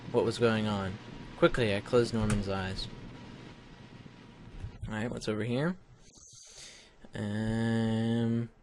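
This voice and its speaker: A mid-pitched man with a slight lisp talks through a game into a home desk mic. He reads the game's text aloud in a casual way, stumbling and correcting himself, with wry little asides. A faint hiss sits under his voice. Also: poor audio. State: slight lisp from a mouth sore. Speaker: let's play host.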